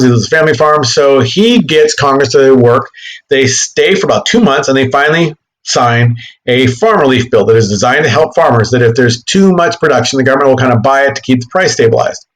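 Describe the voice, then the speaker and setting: A man giving a history lecture in class, animated and joking, often correcting himself mid-sentence. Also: mid-range voice, low-quality recording. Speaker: history teacher.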